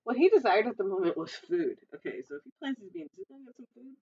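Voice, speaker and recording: A librarian reading a children's storybook aloud, adding chatty, giggly asides. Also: female voice, medium pitch, sing-song, quick pace, a little mellow, breathy edge. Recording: dull, distant recording.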